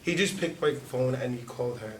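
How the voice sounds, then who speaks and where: A man's voice: mid-range voice, fairly quick. A man telling his own story to a church audience in a chatty way, with frequent laughs and lots of "you know.". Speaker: church member giving a testimony. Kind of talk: casual storytelling before an audience. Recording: echoey hall, distant mic, audience noise.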